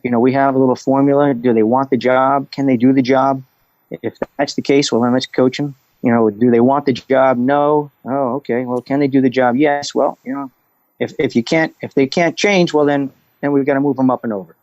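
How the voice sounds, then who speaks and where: A middle-aged man and coach, speaking as a podcast guest and telling stories in a relaxed way. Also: medium pitch, a little fast, no echo, lo-fi sound. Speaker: guest, restaurant executive and coach. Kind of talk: conversational interview.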